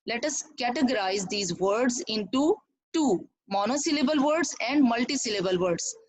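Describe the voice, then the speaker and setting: A woman's voice: on the high side, low-quality recording. A woman teacher with a Pakistani English accent, giving a recorded lesson and explaining step by step, often repeating herself and asking the students questions.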